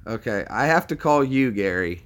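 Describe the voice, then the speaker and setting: A man's voice: medium pitch, lively intonation, moderate pace. A man hosting a casual livestream, chatty and upbeat, talking straight to his viewers. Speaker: livestream host.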